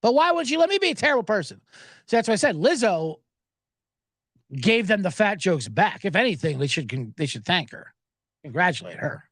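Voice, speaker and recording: A man's voice: high voice, very animated, brisk, a bit bright, dry recording, studio quality. A man hosting a sports betting podcast, riffing sarcastically and profanely while reading viewer comments aloud.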